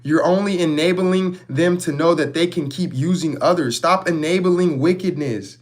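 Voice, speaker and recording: A man's voice: fairly high pitch, normal speed. A man giving a spiritual tarot reading to camera, emphatic and preachy, repeating phrases for effect and mixing in slang and swearing. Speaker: tarot reader.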